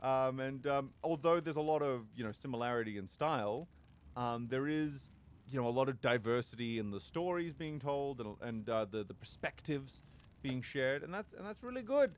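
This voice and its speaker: A man's voice: mid-range voice, lively intonation, normal speed, smooth. A man talking casually on a live stream, rambling and joking crudely, with many fillers and restarts.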